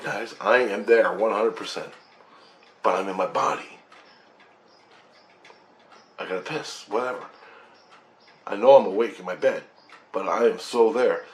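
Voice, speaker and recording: Low-voiced man rambling through a story. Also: reverberant. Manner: rambling and excited, with frequent swearing and restarts. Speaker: vlogger recounting a spiritual experience.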